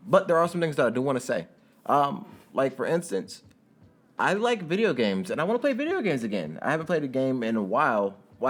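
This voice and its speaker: A young man narrating a fan story and then chatting casually to his viewers, rambling and laughing, jumping into high squeaky tones when he jokes. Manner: giggly, rambling, jumps into high squeaky bits when joking.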